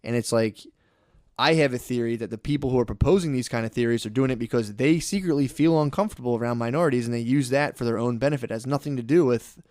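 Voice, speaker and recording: Young man, casual podcast talk, profane, rambling, mid pitch, dry sound. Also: quick pace, no room sound. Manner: rambling, profane, animated storytelling. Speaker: podcast co-host.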